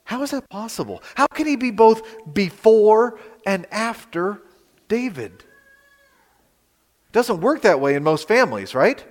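A man with a Western Pennsylvania accent, preaching a sermon as pastor, animated with rhetorical questions and dramatic pauses. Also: high-pitched, in a large hall. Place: church sanctuary.

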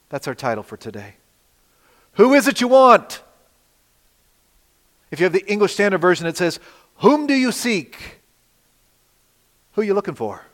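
A man preaching a sermon, dramatic, with rhetorical questions, swinging between loud emphasis and quiet asides. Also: on the high side. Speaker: pastor. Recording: long reverb of a hall.

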